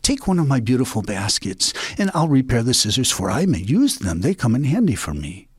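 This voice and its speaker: A man's voice: mid-range voice, sing-song, fairly quick, husky, dry recording, clean studio sound. A man playing a flustered, kindly basket weaver. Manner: flustered and apologetic.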